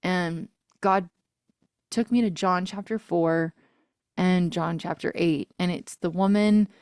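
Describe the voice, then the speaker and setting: A woman's voice: lowish voice, steady tone, takes it slowly, darkish tone, clear, resonant tone, dry recording, clean studio sound. A woman in her thirties, a singer-songwriter guest, telling a personal story in a casual interview, earnest and emotional, with frequent laughs and fillers.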